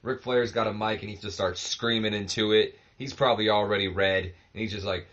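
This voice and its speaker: A man's voice: lowish voice, a little fast, few pauses, muffled recording. A man casually commenting on his wrestling game, rambling with lots of fillers. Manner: rambling, relaxed, many fillers. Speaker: host of a wrestling management game series.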